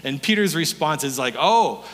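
Lively bright-voiced male pastor preaching. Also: high voice, normal speed, long reverb tail. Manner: animated storytelling, acts out voices, laughs often. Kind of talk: sermon.

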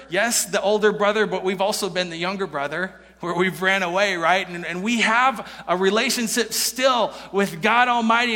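Man, pastor, sermon, bright tense voice, earnest and conversational, long hall reverb. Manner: earnest, swings between loud emphasis and soft low passages; conversational, with many restarts and "you know".

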